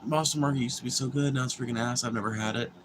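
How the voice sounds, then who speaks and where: A man's voice: medium pitch, fairly even intonation, racing, background noise. A young man, chatting casually and rambling with viewers on a livestream, swearing freely and restarting sentences. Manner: profane, meandering, restarts and filler words.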